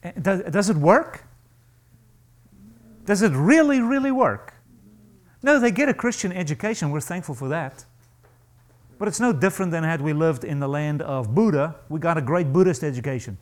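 A male pastor preaching a sermon to a congregation, emphatic and animated, acting out the voices he quotes. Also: fairly high pitch, normal speed, pauses often.

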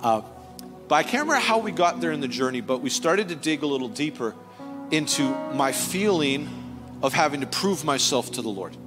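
Earnest pastor preaching over music. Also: male voice, on the high side, brisk. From Canada. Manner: earnest, animated storytelling with many restarts. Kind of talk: sermon. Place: church sanctuary.

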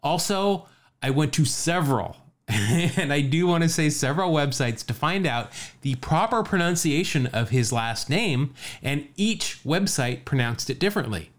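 A man's voice: fairly high pitch, lively intonation, unhurried. Man, podcast co-host, easygoing storyteller who laughs a lot. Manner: laughs often, storytelling with asides. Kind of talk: casual baseball history chat.

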